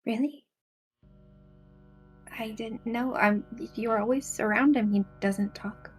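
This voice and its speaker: A woman's voice: on the high side, slow, soft background music. A woman playing a tabletop game, speaking hesitantly with fillers and restarts. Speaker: player.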